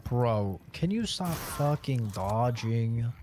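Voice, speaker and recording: A man's voice: medium pitch, sing-song, takes it slowly, background noise. A man streaming a horror game, chatting casually over gameplay, swearing and joking around. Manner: profane, joking, blurts silly sing-song noises.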